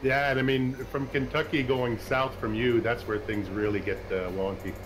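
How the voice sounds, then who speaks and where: A man's voice: mid-range voice, normal speed, rough recording. A man from Canada chatting casually on a livestream, rambling with restarts and fillers. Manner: relaxed, rambling, many restarts. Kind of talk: casual chat. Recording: audible background noise.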